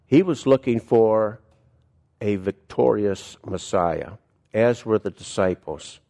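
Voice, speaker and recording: A male pastor with a lowish voice delivers a sermon at an unhurried pace. He reads a passage aloud, then expounds on it earnestly, leaning on rhetorical questions to draw in his listeners. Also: gravelly, dark tone. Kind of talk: sermon with scripture reading.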